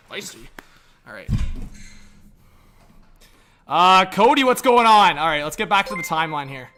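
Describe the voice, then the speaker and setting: A man live-streaming reaction commentary who chats to viewers and his dog, and swings between mumbling and shouting. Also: sits high, sing-song, measured pace, long pauses.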